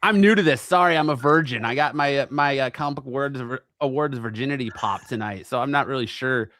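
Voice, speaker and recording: A man's voice: medium pitch, brisk, fairly bright tone. A man from Arizona, a guest on a talk show, rambling crudely and mocking himself. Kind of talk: casual chat.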